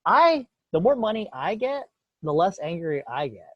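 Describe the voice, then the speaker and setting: This man's voice sits high and sing-song, moving at a normal speed with a breathy edge as he hosts a podcast. His opinionated chat is casual but heated, rambling and full of swearing, captured on a dull, dry, lo-fi recording.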